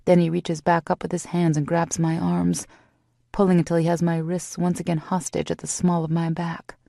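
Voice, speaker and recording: A woman narrating a first-person romance audiobook in an intimate, steady storytelling manner. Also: fairly low pitch, moderate pace, gravelly, no room sound, clean studio sound.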